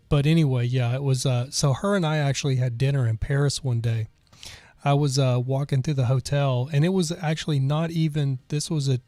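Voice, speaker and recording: Podcast host guy in his 40s rambling through a story, mellow voice, dry close sound. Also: mid-range voice, no echo. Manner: rambling and digressive, with frequent restarts. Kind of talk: casual storytelling, reading chat comments.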